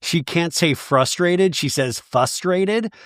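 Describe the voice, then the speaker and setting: A male podcast host talks through a TV episode in an animated, gushing way, his voice a touch high and jumping around a lot. He's recorded close and dry, with no room sound at all. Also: normal speed, no room sound. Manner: animated, gushing, acts out quotes. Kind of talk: casual TV recap.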